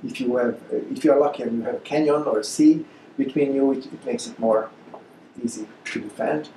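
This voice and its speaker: A man answering audience questions at a lecture, halting with many fillers and restarts. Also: medium pitch, mellow, a little hiss or hum. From Hungary. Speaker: guest speaker. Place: lecture hall. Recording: echoey lecture room.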